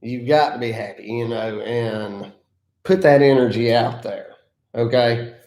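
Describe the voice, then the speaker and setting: A man's voice: mid-range voice, steady tone, a little slow, darkish tone. A man from the mountains of North Carolina with an Appalachian accent, giving folksy, self-deprecating business advice in a casual vlog. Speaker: land clearing contractor. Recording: echoey room.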